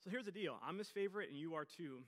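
A man's voice: high-pitched, quick pace, a bit bright. A man preaching a sermon as pastor, telling stories with energy and repeating his phrases for emphasis.

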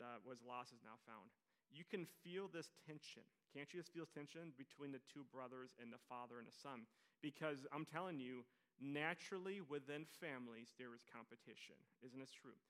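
A man with a bright, slightly high voice delivers a sermon in a church. He moves from quiet scripture reading to lively, emphatic preaching, tossing questions out to the congregation. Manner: reads scripture quietly then preaches loudly, animated, addresses congregation. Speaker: pastor.

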